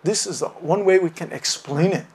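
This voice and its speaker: A man giving a Buddhist lecture, retelling a teaching story with lots of hesitant fillers and bursts of animated wonder. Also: high-pitched, normal speed, breathy edge. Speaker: dharma teacher.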